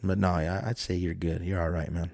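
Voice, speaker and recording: Very deep-voiced laid-back man. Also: flat delivery, fairly quick, gravelly, darkish tone, no echo, studio quality. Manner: laid-back, short replies, swearing. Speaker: podcast co-host. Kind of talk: casual chat.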